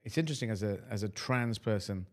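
A middle-aged man from the United Kingdom, a guest talking in a rambling, animated, self-deprecating way. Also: on the low side, fast talker. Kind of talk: casual conversational interview.

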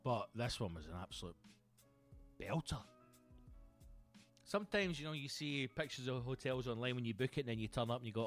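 A Scottish man hosting a comedy podcast, telling sweary, animated stories in a monologue. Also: mid-range voice, brisk, long pauses, soft background music. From Scotland.

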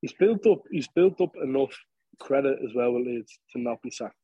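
Husky Dublin man telling a story. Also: medium pitch, moderate pace, no echo, highs cut off. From Ireland. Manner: animated storytelling, lots of fillers and swearing. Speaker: podcast co-host. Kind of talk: casual chat.

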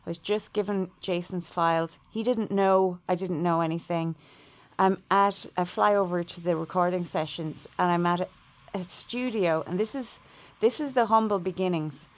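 Composer lady, middle-aged, kinda low voice, chatty and animated, does little voices for people in her stories. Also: moderate pace. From Ireland. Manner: animated, acts out quoted voices with laughs. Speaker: composer guest. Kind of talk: storytelling interview answer.

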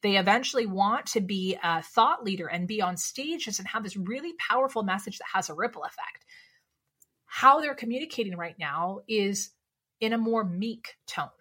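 Bright-voiced woman coaching on speaking. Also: mid-range voice, normal speed, husky. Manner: lively, coaching, asks rhetorical questions. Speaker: speaking coach and podcast guest. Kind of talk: casual podcast conversation.

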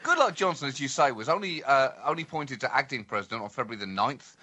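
A man co-hosting a satirical comedy podcast, telling stories in a lively, mock-grand way and building up to punchlines. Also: mid-range voice, fast talker.

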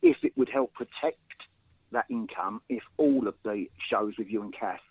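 A man's voice: on the low side, wildly swooping pitch, normal speed, vocal fry, husky. A man calling in to a show, tentative but politely persistent in making his point. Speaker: caller. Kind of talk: phone-in chat. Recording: dry tinny phone line.

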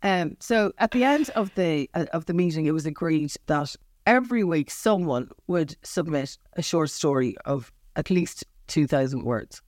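A woman's voice: sits low, lively intonation, normal speed, a little mellow, dry recording. Frank Irish woman, dry close sound. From Northern Ireland. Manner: self-deprecating, frank, hesitant with many restarts and fillers. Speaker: writer guest. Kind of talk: casual interview talk.

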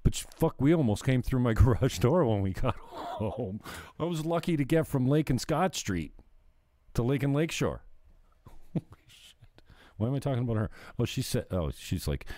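A man's voice: mid-range voice, big pitch swings, normal speed, dark tone, no echo. A man ranting bluntly on a livestream, swearing and mocking people as he chats. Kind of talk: profane ranting chat.

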